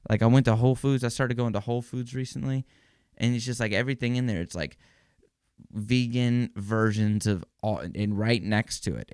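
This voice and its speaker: A man's voice: lowish voice, a little mellow, smooth, dry recording, clean studio sound. A young man hosting a solo comedy podcast, rambling sarcastically and trailing off mid-sentence. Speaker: podcast host. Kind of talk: casual solo comedy monologue.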